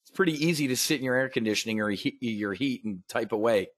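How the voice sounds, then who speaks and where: A man's voice: medium pitch, expressive, fairly quick, fairly bright tone, no echo, clean studio sound. A man hosting a market briefing, ranting bluntly and sarcastically, with casual swearing and frequent restarts. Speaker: host of a trading market briefing. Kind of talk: casual profane livestream commentary.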